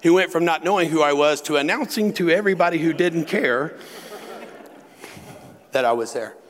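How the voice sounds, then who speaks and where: A middle-aged man preaching a sermon, telling personal stories in an animated way and dropping into hushed tones at emotional moments. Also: a little high, moderate pace. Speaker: pastor. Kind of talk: sermon with acted anecdotes. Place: large hall at a retreat center. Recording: long hall reverb.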